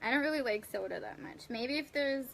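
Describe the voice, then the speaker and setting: A woman's voice: high voice, fairly quick, creaky, slight background noise. Bubbly, giggly young woman live-streaming. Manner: bubbly, giggly and chatty, thanking viewers by name; loose and rambling with fillers. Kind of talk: casual live chat reading viewer comments.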